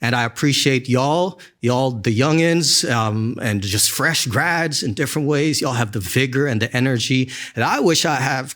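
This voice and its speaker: A man's voice: medium pitch, normal speed, a bit bright. A young man giving an earnest, emotional graduation speech as an alumni speaker, often tagging lines with "right?".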